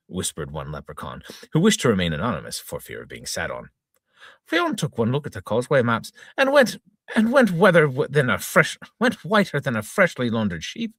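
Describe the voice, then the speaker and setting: A man's voice: medium pitch, wildly swooping pitch, moderate pace, a bit bright, dry recording, studio quality. A middle-aged man hosting a casual reading podcast, reading a comic news-style story aloud in a mock-dramatic newsreader tone, stumbling and restarting over words. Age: 40s to 50s. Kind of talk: casual read-aloud with tongue-in-cheek news delivery.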